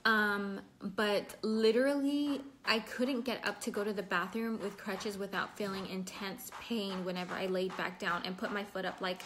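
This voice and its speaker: A woman's voice: medium pitch, fairly even intonation, normal speed, hardly any pauses. Young woman livestreaming, chatty, answers comments, laughs a lot, faint hum behind. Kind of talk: casual livestream chat.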